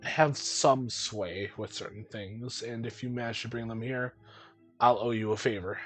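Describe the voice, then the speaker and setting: A man's voice: mid-range voice, fairly even intonation, normal speed, faint music behind, lightly acted. A man voicing an anxious middle-aged man who stammers and pleads while asking after his missing family.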